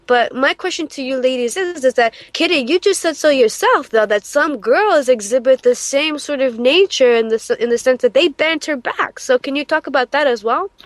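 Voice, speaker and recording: A woman's voice: high-pitched, normal speed, hardly any pauses, dry recording. A young woman hosting a casual podcast, thinking aloud in rambling sentences and putting questions to her co-hosts. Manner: thoughtful, rambling, restarts phrases. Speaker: podcast host posing questions. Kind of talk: casual chat.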